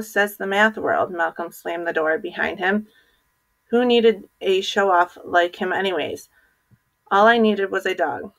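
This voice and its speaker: A teacher reading a children's chapter book aloud to her class with expressive storytelling. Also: medium pitch, vocal fry, rough recording.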